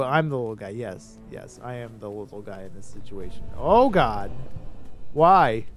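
A man streaming a game, rambling in casual commentary with sudden excited outbursts. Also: lowish voice, a little slow, soft background music.

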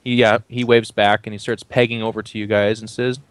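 A man's voice: fairly low pitch, level tone, brisk, clear, resonant tone, dry recording. A man narrating a tabletop role-playing game as game master, chatty and playful.

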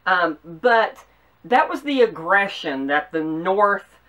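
Southern-accented woman host, bright, forceful tone, earnest commentary, set a little back from the mic. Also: fairly low pitch, expressive, recorded from a distance. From American South. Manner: earnest, emphatic, with measured pauses. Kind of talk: opinion commentary.

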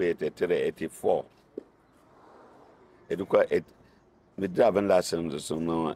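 An older man from Ghana with a Ghanaian accent, a veteran cargo driver who is the guest in an interview, telling his stories in an animated way and repeating words for stress. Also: low-pitched, a little hiss or hum. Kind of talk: casual interview talk.

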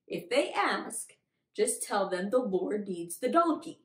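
Lady putting on a chill, friendly jesus, a bit lower, storybook for kids, roomy sound. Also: very animated, takes it slowly. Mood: breezy. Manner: breezy, chummy talk. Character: Jesus as a casual, confident young man.

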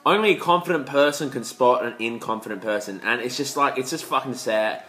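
Young aussie bloke rambling on his vlog, swears nonstop, bright punchy voice. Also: mid-range voice, brisk, slight background noise. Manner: profane, rambling, slangy, animated. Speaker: vlogger.

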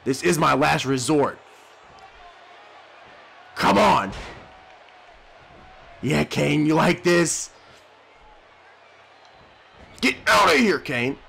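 Brash trash-talking gamer guy, gravelly. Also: fairly high pitch, expressive, slow, pauses often, a bit bright. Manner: brash, profane taunting with mock-tender asides. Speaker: gaming YouTuber. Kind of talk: let's play commentary with trash talk.

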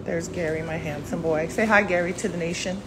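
A woman's voice: lowish voice, steady tone, brisk, noisy background. A woman in her forties chatting casually to viewers from home in the morning, rambling with many ums, speaking into a phone she holds in her hand. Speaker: vlogger. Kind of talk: casual live chat to viewers. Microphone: phone held in hand.

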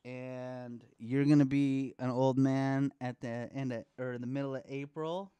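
A man in his thirties from the Bay Area, California, hosts a casual chat show as a podcast host, rambling, joking, swearing, and using baby talk with his son. His medium-pitched voice is level, unhurried, dark, and clean, recorded on a studio microphone with no echo.

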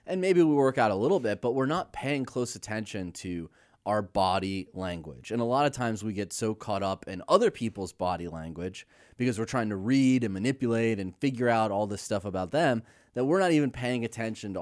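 A man's voice: lowish voice, lively intonation, fairly quick. A man hosting a podcast, affirming his guest and steering the casual chat with questions. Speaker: podcast host.

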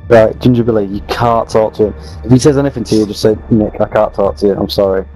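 A man's voice: on the low side, fairly even intonation, quick pace, warm tone, soft background music, low-quality recording. A man teasing and swearing at friends during an online game. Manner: crude, teasing banter. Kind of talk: casual gaming chat.

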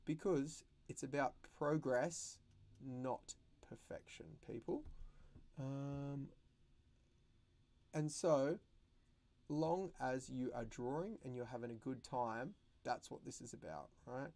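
A man hosting a drawing livestream for kids, talking in a playful, animated and jokey way as he teaches. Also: mid-range voice, takes it slowly.

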